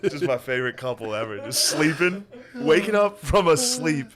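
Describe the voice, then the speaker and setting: A young man co-hosting a podcast in casual, comedic banter, laughing often and acting out voices in quick bits. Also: a little high, lively intonation, crowd noise. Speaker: podcast co-host.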